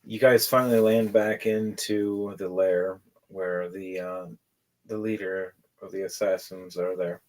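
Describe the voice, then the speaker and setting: A man's voice: deep voice, fairly even intonation, a little slow, a little mellow, poor audio. A man narrating a tabletop game as game master, in a casual, profane way.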